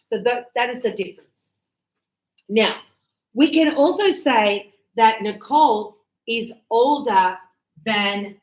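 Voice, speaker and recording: Female teacher, slow and patient, higher voice, echoey classroom sound. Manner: patient, repeats examples, checks in with "okay?". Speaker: English teacher.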